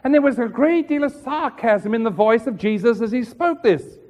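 High-voiced preacher in a reverberant hall. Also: male voice, lively intonation, moderate pace, a little mellow. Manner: earnest, rhetorical, acts out quoted voices. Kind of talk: sermon.

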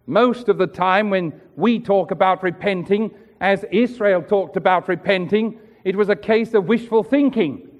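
A man's voice: high voice, moderate pace. A man preaching a sermon in an earnest, rhetorical way, acting out the voices he quotes. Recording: hall reverb.

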